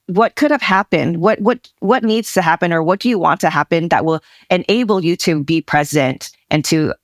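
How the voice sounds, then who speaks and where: A woman marriage coach talking casually as a podcast guest, animated and quick to laugh, with many fillers. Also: on the low side, dry recording, studio quality.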